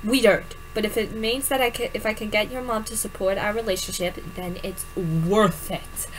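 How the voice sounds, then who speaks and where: A woman voicing an earnest, secretive teenage boy in a story game, low and soft. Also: fairly even intonation, normal speed, a little hiss or hum, natural voice, low-quality recording.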